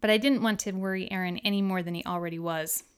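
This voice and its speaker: Woman reading her memoir, smooth voice. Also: medium pitch, fairly even intonation, fast talker. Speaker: memoir narrator.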